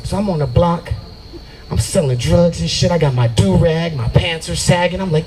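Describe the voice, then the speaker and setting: A young man works a brewery open mic crowd with brash, profane stand-up, riffing off the audience. His voice sits a little higher than most men's. There is faint room noise behind him. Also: moderate pace, darkish tone, rough recording. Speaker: stand-up comedian. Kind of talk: stand-up comedy set.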